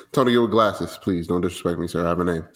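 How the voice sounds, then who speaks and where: A man's voice: low voice, a little fast, fairly bright tone. A man co-hosting a casual talk show in a playful, joking manner. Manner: playful, laughs easily. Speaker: co-host.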